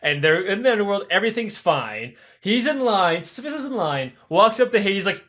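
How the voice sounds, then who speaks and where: High-voiced guy swearing through myths. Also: fairly quick, hardly any pauses. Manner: profane, animated, laughs often. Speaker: podcast host. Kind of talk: comedic casual storytelling.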